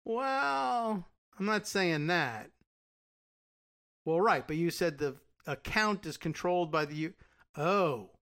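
A man with a somewhat raised voice reads a news piece aloud. He keeps breaking off to think out loud, with fillers and dry, sardonic remarks. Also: high voice, lively intonation, slow pace. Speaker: commentator reading news aloud. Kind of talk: casual reading and commentary.

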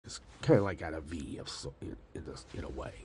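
A man's voice: a bass voice, a little fast, darkish tone, a little hiss or hum. An older man ranting in a casual monologue, sarcastic and rambling, swearing and laughing at his own jokes. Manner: profane and angry.

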